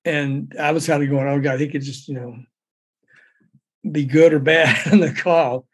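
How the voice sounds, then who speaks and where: An older man tells a story in a loose, rambling way, often restarting sentences and breaking into laughter. His voice sits a little high for a man. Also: fairly even intonation, normal speed, husky. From raised in Memphis. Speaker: storyteller guest. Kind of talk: casual anecdote telling.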